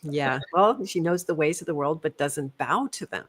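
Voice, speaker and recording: A woman's voice: low voice, expressive, normal speed, husky. A middle-aged woman in casual conversation, reflective, laughing at herself as she tells a story. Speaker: co-host.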